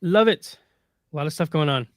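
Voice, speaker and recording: A man's voice: fairly high pitch, expressive, normal speed, no echo, clean studio sound. A man co-hosting a casual livestream podcast, laughing often and running down a list of upcoming sky events. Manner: laughs often, reads through a list of dates. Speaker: podcast co-host.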